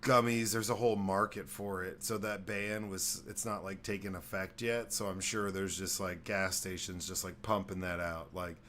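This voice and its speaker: A man's voice: sits low, flat delivery, normal speed, hardly any pauses, fairly bright tone. A young man hosts a loose podcast chat. He rambles through profane stories and slips into voices for the people in them. A faint hiss of noise sits under the recording. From Texas. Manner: rambling storyteller who acts out voices, swears freely. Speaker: podcast host. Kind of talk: casual chat.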